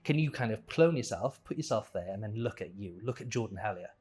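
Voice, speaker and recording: Husky low-voiced man musing aloud. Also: animated, fast, a little mellow. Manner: rambling, self-correcting, thinking aloud. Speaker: podcast guest. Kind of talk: casual conversation.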